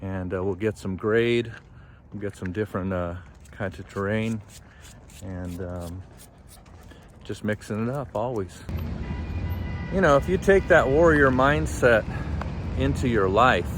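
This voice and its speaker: A man's voice: on the low side, measured pace, pauses often. A man hosting a motivational walking vlog, talking upbeat while walking and jogging on an outdoor trail. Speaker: fitness and mindset vlogger. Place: outdoor trail beside a busy road. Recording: clear traffic noise outdoors. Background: traffic noise.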